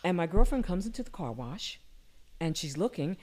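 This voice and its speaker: An older woman telling personal stories in casual conversation, her voice jumping up whenever she quotes someone. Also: moderate pace. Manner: animated, jumps high when quoting people. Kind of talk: casual storytelling.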